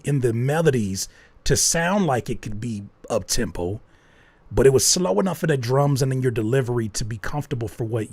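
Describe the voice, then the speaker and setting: A man's voice: medium pitch, breathy edge, no room sound. A man hosting a live stream, reviewing listeners' songs with candid, joking critique and thinking aloud as he goes. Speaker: host reviewing listener music. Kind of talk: live music feedback stream.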